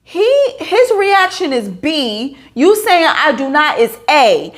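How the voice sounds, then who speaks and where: A woman's voice: high-pitched, takes it slowly. A young woman reviewing a reality show in a casual vlog, chatty and exasperated. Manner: animated, exasperated, chatty with fillers.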